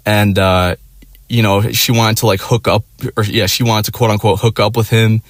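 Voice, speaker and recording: Profane, rambling man with a lowish, dry voice. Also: moderate pace, no room sound. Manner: profane, rambling, full of "like" and "you know"; animated, acts out friends in quoted voices. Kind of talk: casual storytelling.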